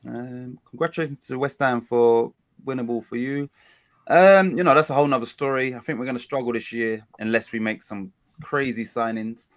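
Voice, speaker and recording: A man's voice: mid-range voice, fairly even intonation, normal speed. Rambling man hosting a stream. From England. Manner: rambling, chatty, self-correcting. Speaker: watch-along host. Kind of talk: casual live-stream chat.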